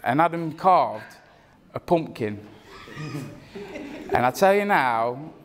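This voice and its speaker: Lad, young adult, slightly high voice, rambling and teasing wedding speech delivery. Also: male voice, expressive, takes it slowly, a crowd in the background. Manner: rambling, joking, teasing, self-interrupting. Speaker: friend giving a wedding speech. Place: wedding reception.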